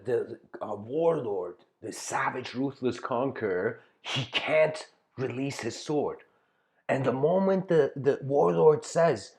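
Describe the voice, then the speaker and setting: A man's voice: medium pitch, a little mellow. A man giving a spiritual lecture, telling a story in a loose, conversational way with many fillers. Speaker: spiritual teacher.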